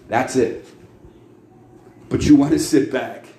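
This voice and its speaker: A man's voice: mid-range voice, slow pace, pauses often, mellow. A man hosting a podcast, ranting angrily and sarcastically with a lot of swearing. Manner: angry, profane, sarcastic ranting. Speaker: podcast host. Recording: echoey room with faint noise.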